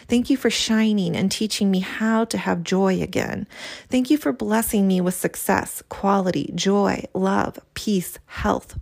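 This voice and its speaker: Female spiritual podcast host, mid pitch, gravelly fry, reflective journal reading. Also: darkish tone. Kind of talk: reading a healing prayer from her journal.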